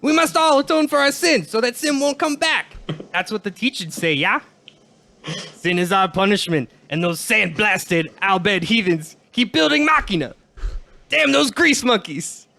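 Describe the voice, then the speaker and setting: Brief: zealous young male islander preacher, mock Caribbean accent, pitched high, a man putting it on. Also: expressive, moderate pace, gravelly, pushed and bright, full character voice. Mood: preachy. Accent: mock Caribbean put-on.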